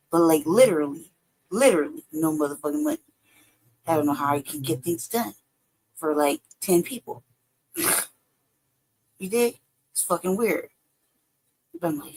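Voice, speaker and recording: A woman host gives casual reaction commentary on a livestream. Her voice sits slightly low, but she jumps high in disbelief, swearing and sighing through it. She sounds loose and unscripted. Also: rough recording. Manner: profane, exasperated, laughing, swings high and low.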